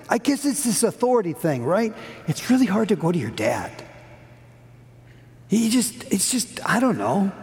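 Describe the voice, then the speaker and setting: A middle-aged male preacher gives an earnest storytelling sermon with a gravelly voice. His voice sits fairly high and swings between raised peaks and quiet hushes. A long reverb from a church hall trails each phrase. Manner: earnest storytelling that rises high and falls to a hush.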